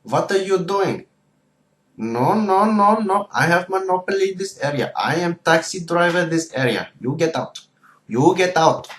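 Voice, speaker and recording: A man voicing an angry, territorial male taxi driver who shouts in broken English. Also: high-pitched, expressive, normal speed, few pauses, roomy sound, voice pushed up, low-quality recording.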